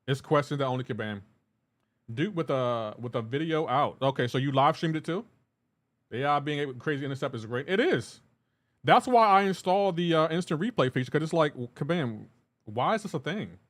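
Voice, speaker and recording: Guy live streaming a game, kinda high voice that bounces all over, chats with viewers. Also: lively intonation, fairly quick, fairly bright tone. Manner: talks to chat viewers while playing, loose and chatty. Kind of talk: casual live-stream chat reading comments.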